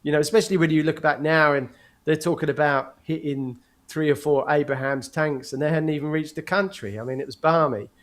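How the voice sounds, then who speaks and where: A middle-aged man chatting as a guest, his voice sitting somewhat high. He tells his stories with energy, jumping into the voices of the people he quotes and laughing along. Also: fairly even intonation, fairly quick. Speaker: guest, former prisoner of war. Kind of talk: casual chat, storytelling.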